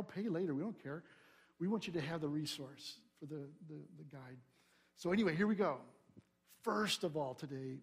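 A male pastor delivering a sermon, praying softly at times and preaching with rising emphasis. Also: fairly high pitch, slightly rough. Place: church sanctuary.

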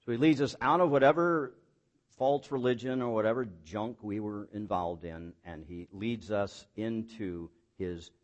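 A pastor with a fairly low, slightly slow voice preaches emphatically, his voice rising on key points as he poses many rhetorical questions. He mixes in plain folksy asides and self-deprecating humor.

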